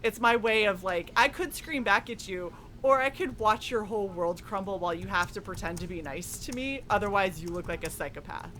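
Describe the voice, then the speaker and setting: A woman from the western United States, chatting on a panel, telling animated stories and swearing freely. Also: mid-range voice, a little fast, hardly any pauses, slight background noise. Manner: animated storyteller, quotes people in acted voices, swears freely. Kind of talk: casual chat.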